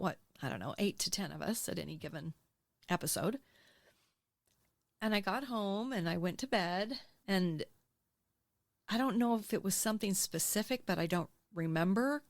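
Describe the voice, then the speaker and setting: Woman in her 60s telling her own story on a podcast, gets animated, mid pitch, dry close sound. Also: creaky, dry recording. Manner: emotional, animated storytelling, acts out her own past lines. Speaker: guest. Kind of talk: candid interview conversation. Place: podcast studio.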